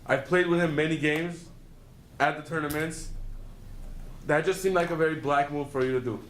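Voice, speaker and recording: A man making a quick, accusing speech as a player at a tournament game. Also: on the high side, steady tone, fairly bright tone. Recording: echoey noisy room.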